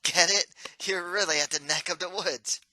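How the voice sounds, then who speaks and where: A man's voice: high-pitched, steady tone, normal speed, pushed and bright, no room sound, pitched above the performer's own voice, poor audio. A man voicing a sarcastic, teasing young male ghost who talks through his nose, read from a storybook. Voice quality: nasal.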